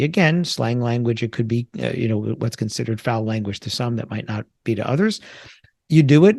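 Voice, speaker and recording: A man's voice: medium pitch, creaky, darkish tone, no room sound. A man from the New York area hosting a solo podcast, talking in a conversational, reflective way with frequent filler words. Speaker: podcast host.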